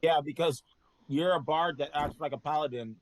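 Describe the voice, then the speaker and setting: Slightly higher-voiced playful player man. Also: moderate pace, no room sound, rough recording. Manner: playful, trips over words and laughs. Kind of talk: casual chat.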